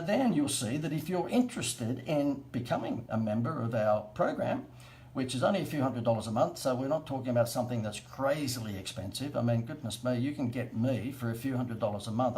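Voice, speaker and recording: A man's voice: medium pitch, darkish tone, a little hiss or hum, low-quality recording. An Australian man hosting a casual live stream, coaching businesses on marketing in a chatty, joking, self-mocking way.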